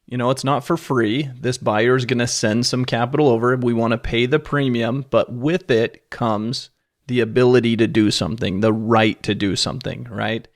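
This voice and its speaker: A man calmly explaining a finance topic on a podcast, checking in with short questions as he goes. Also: mid-range voice, moderate pace. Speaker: podcast host explaining options.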